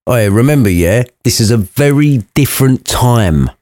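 A man's voice: mid-range voice, lively intonation, moderate pace, a little mellow, no room sound, close to an everyday voice. A man voicing a sheltered, blunt, posh teenage girl in a comic storybook retelling, in a prim upper-class manner.

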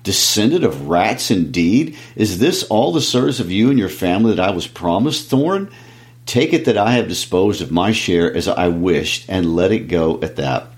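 A man's voice: deep voice, expressive, moderate pace. A man voicing a small, polite, fussy hobbit while reading a book aloud. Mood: prim. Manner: prim, politely indignant.

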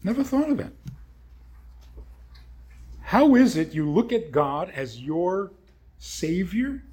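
A man's voice: sits high, big pitch swings, slow pace, a little mellow, exaggerated voice. A man voicing a sincere middle-aged male minister who asks earnest questions.

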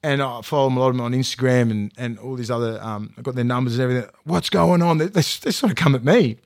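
A man's voice: medium pitch, very fast. A man, a former rugby league player, ranting heatedly and profanely in casual podcast chat with lots of fillers.

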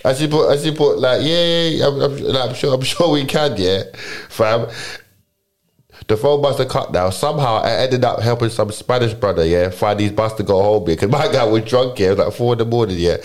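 A man's voice: medium pitch, a little fast, a little mellow. A young man with a London accent tells a story in loose, casual chat. He leans on slang and keeps restarting his sentences. The delivery is rambling and unpolished.

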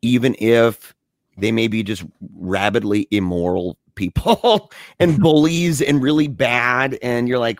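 A man telling a story in casual chat with a co-host, animated and slangy, laughing often as he talks. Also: medium pitch, measured pace, no room sound, studio quality. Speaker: podcast co-host.

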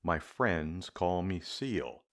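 Read by a man, a harsh woman who runs a tailoring shop, blunt and clipped, shutting every request down. The voice sits very low and moves slowly through each order. It is a storybook part done in a plain reading voice. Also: expressive, a bit bright, heavily acted. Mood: commanding.

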